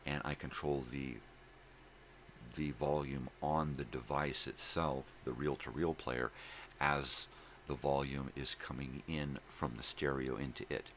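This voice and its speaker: A man's voice: very deep voice, fairly even intonation, a little slow, a bit bright, a little hiss or hum. An older man hosting his own daily show, rambling casually at home with laid-back slang, jokes and thinking aloud.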